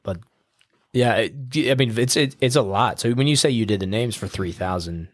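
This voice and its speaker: A man's voice: fairly low pitch, moderate pace, no room sound. A man hosting a podcast in a studio, upbeat, jokey and encouraging with his guest. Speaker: podcast host. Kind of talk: casual podcast conversation.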